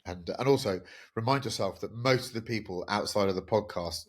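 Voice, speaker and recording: Wry, rambling man, lowish voice. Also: fairly quick. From England. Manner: candid, rambling, wry and self-deprecating. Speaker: podcast host. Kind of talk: casual podcast monologue.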